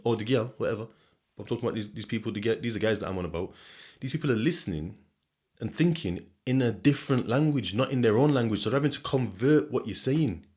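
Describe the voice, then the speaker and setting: Hosting a casual monologue podcast, a young Englishman with a Sheffield accent rambles on in a mid-range, darkish voice. He swears freely and laughs a lot.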